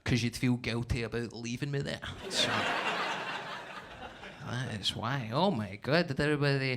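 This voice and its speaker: A man's voice: mid-range voice, moderate pace, a loud crowd. A Scottish man from Glasgow with a Glaswegian accent, doing breezy, self-deprecating live stand-up in a comedy club. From Scotland, Glasgow. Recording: noisy live club recording.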